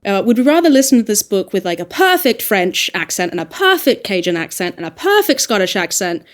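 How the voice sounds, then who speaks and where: A woman with an Australian accent, an audiobook narrator talking through her craft in a casual, animated podcast discussion. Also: medium pitch, fairly quick. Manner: animated, reflective, frequent laughs and fillers.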